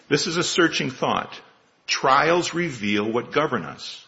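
Gravelly-voiced man in his sixties preaching. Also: medium pitch, expressive, sharp tone, dull audio. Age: 60s. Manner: measured, with rhetorical questions. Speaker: lay preacher. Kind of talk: sermon.

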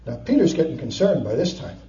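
A man preaching a sermon, retelling scripture with lively storytelling, chuckles and frequent fillers. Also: mid-range voice, fast talker. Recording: distant, dull, echoey room.

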